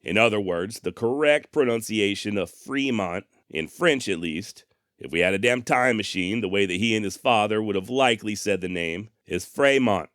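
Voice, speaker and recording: Man, podcast host, lowish voice, smooth and clear, dry close sound, wry self-mocking humor. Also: normal speed, a bit bright, no room sound. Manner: self-deprecating, sarcastic humor. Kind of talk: casual history podcast narration.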